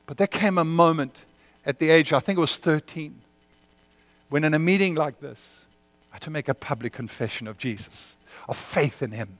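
A man preaching a sermon, moving between impassioned prayer and a quiet, earnest appeal to the congregation. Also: a little high, normal speed, no echo. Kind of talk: sermon with prayer and altar call.

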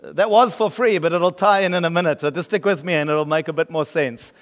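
A South African man preaching in a loose, conversational way, keeps asking the room whether they get it. His voice sits fairly high for a man. A long hall reverb trails behind every line. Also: steady tone, fairly quick. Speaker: pastor. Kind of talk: sermon.

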